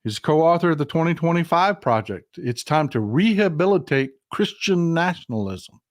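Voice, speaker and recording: A man's voice: fairly high pitch, animated, normal speed, dry recording, clean studio sound. A man hosting a political commentary livestream, talking emphatically, repeating himself and restarting his sentences.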